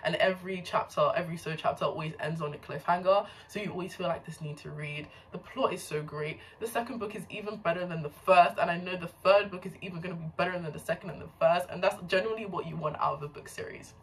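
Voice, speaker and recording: Woman gushing about books on her vlog, lowish voice, sounds a bit far from the mic. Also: fast, few pauses, slight background noise. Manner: enthusiastic, gushing. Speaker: book vlogger. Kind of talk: casual chat.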